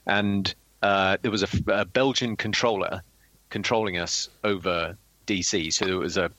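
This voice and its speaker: British ex-fighter pilot, lowish bright voice, dry close sound, rambling with lots of ums. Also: male voice, steady tone, moderate pace, no room sound, rough recording. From Britain. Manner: anecdotal, full of filler ums. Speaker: former military pilot. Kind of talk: casual chat, storytelling.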